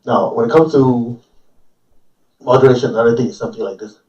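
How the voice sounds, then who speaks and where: A man's voice: medium pitch, steady tone, a little fast, a little mellow, muffled recording. Man teaching in a roomy, distant recording. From Chinese family. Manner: joking, asks the audience questions. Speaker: spiritual teacher. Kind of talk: informal sermon to a group. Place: room with a live audience.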